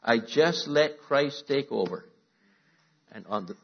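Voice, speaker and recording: A man preaching a sermon to a congregation, calling out to the room and moving between loud emphatic lines and quiet asides. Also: mid-range voice, lively intonation, measured pace, dull audio. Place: church.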